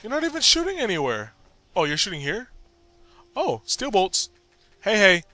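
A man giving jokey, excitable commentary while playing a video game, often talking back to the characters. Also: high voice, moderate pace. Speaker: gameplay commentator. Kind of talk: joking gameplay commentary.

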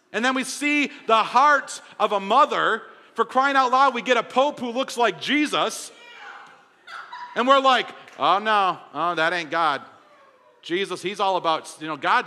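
A young male pastor with a high, bright, forceful voice preaches in a casual, conversational way, dropping from loud emphatic lines to hushed, intimate storytelling. The sermon is caught in a large church with a long reverb trailing behind him.

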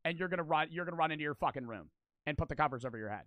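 A young man streaming his reactions to a video, joking loudly and swearing, breaking into laughs and shouts. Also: on the high side, animated, very fast, a little hiss or hum. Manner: loud, profane, joking, bursts into shouts and laughs. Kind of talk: casual reaction commentary.

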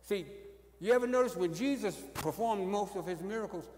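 High-voiced preacher in an echoey church. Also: male voice, brisk. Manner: swings from loud high exclamations to low quiet storytelling; punctuates phrases with "amen". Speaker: pastor. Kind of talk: sermon. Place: church sanctuary.

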